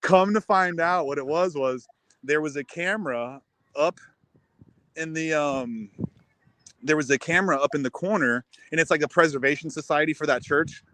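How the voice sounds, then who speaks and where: A man tells stories on a live talk show, his voice on the higher side and bright. The sound is dry and close. He talks in an animated, casual way and keeps restarting his sentences. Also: normal speed, dry recording, rough recording. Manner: animated storytelling, lots of restarts. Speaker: musician guest. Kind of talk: casual chat.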